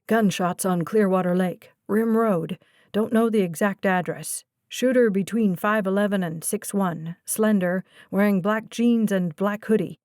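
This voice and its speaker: A woman voicing a calm, protective young man who talks in short, clipped phrases, in an audiobook. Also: mid-range voice, unhurried, dry recording, clean studio sound, close to an everyday voice.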